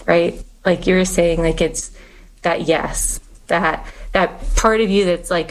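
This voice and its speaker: A woman's voice: on the low side, fairly even intonation, rough recording. A woman guest on a podcast, candidly telling her personal faith story with many fillers. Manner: candid, quick, filler-heavy.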